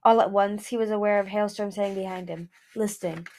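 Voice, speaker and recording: A woman reading a novel aloud in a plain, steady way with small slips. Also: medium pitch, fast talker. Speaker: fan audiobook reader.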